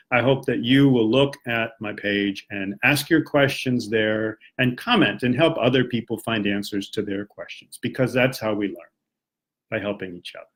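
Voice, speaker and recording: Husky American man teaching English. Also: mid-range voice, fairly bright tone. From United States. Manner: casual, encouraging, talks while reading comments. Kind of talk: live-streamed lesson. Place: home, Japan.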